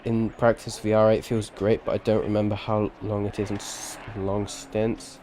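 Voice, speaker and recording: A man's voice: lowish voice, little pitch movement, normal speed, dark tone, a little hiss or hum. A man giving live-streamed sim racing commentary, chatty and rambling, with self-deprecating asides and a tired edge.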